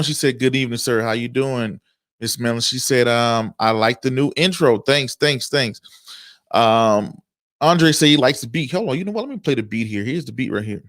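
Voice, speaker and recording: A man hosting a stock market livestream talks in a loose, chatty way. He greets viewers by name and reads their comments before explaining the day's market moves. His voice sits at a middle pitch and sounds dry and close to the mic. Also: expressive, moderate pace, a bit bright, no room sound. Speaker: host of a stock market show. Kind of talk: casual livestream market talk.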